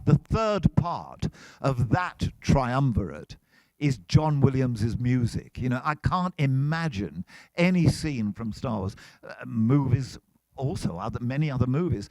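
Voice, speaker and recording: A man's voice: mid-range voice, measured pace, no room sound. An older man, an actor being interviewed at a fan convention, telling wry behind-the-scenes stories. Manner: animated storyteller, wry. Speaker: actor guest. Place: comic con booth.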